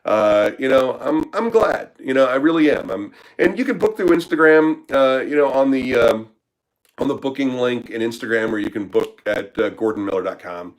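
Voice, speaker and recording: A man's voice: medium pitch, lively intonation, normal speed, low-quality recording. A man who works as a startup business consultant, answering questions in a casual live Q&A, blunt and profane with lots of filler words.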